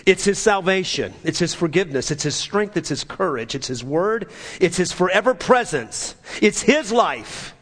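A man's voice: high-pitched, lively intonation, normal speed, a bit bright. A man preaching a sermon as pastor, leading the congregation through repeated spoken confessions. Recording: long hall reverb.

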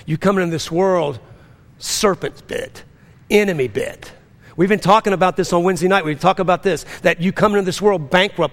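A man preaching a sermon as pastor to a congregation, swinging between fervent rising lines and hushed, low-key storytelling. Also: brisk. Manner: preaching with rising intensity and drops to a near-hush. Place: church.

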